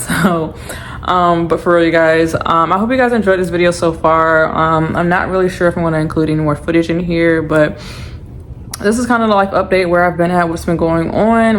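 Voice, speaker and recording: A woman's voice: fairly low pitch, a little hiss or hum. A young adult woman vlogging at home in a loose, chatty way with lots of fillers. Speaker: lifestyle vlogger. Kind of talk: casual chat to camera.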